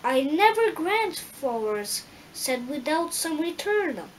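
Demanding storybook wizard read by a woman, stern and slow. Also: high-pitched, very animated, a little hiss or hum, pitched above the performer's own voice, exaggerated voice, poor audio. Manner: stern and commanding.

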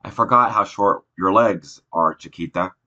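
A man doing a gruff, impatient warrior who barks short commands. The voice is low and forceful, with a bright edge, and it is read as part of a storybook. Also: normal speed, lo-fi sound. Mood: brusque. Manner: brusque, curt commands.

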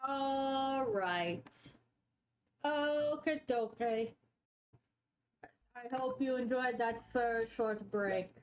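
Playful high-voiced woman streamer. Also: drawn-out words, pauses often. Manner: playful, chatty, reacting aloud to the game. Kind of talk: let's-play commentary. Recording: game music playing underneath. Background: game music.

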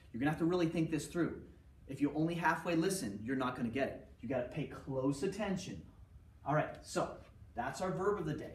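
Man teaching in an echoey room. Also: on the high side. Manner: drills rules with repetition and rhetorical questions. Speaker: Spanish teacher. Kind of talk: recorded class lecture. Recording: echoey room, mic at a distance.

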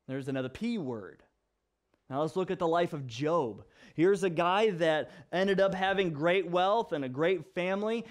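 A male pastor giving a casual vlog sermon, animated and wry, acting out the quotes he tells. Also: high-pitched. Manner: animated, sarcastic asides, acts out quotes.

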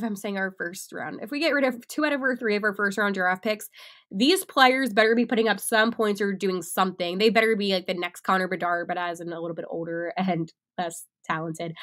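A young woman hosting a solo sports podcast, animated and excitable, often laughing at herself. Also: fairly high pitch. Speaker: podcast host.

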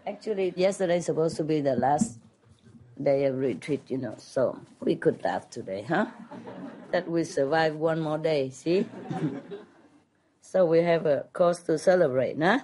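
A woman's voice: low-pitched, normal speed, warm tone, a little hiss or hum. A woman teaching at a retreat, telling jokes playfully with chuckles and frequent check-ins with her listeners.

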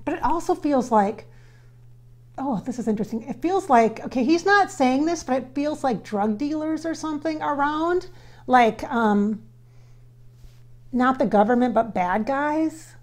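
A woman in a casual channeling session, speaking with a slightly higher pitch than most women. She passes on a spirit's words in earnest, everyday language and often turns to address her viewers directly. She repeats key phrases to stress them. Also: expressive, a little slow. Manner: relays spirit's words in quotes, speaks to viewers as "you guys".

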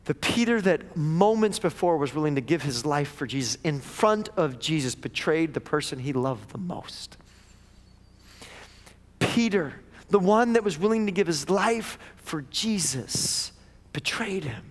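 A man preaching a sermon as lead pastor, dramatic, dropping to near-whispers then rising loud. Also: on the high side, animated, unhurried. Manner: dramatic, swings from hushed to loud. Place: church auditorium. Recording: echoey church hall.

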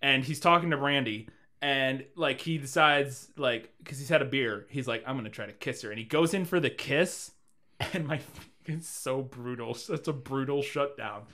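Bright-voiced animated male podcaster. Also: medium pitch, normal speed. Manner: animated, swears, laughs and acts out lines. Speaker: podcast co-host. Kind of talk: casual movie-review chat.

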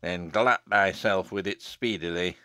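A man's voice: low voice, measured pace, pushed and bright, no room sound, studio quality, pitched below the performer's own voice. A man voicing a grave old abbot. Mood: grim. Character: solemn aged male abbot, meek but unbending.

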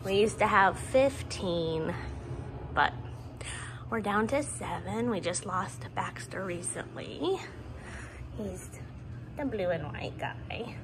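A woman at home coos affectionately to her dogs, her pitch swooping high and low at a slow, easy pace. The home video picks up dogs moving and yipping around her. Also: animated, noisy background. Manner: affectionate baby talk to pets. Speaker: dog owner. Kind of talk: casual pet vlog.

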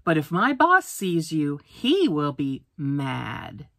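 A kindly lunch lady from a children's picture book, read out by a woman. She speaks very slowly and gently, in a lowish voice. The sound is dry and close. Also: huge pitch swings, no echo, full character voice. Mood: gentle.

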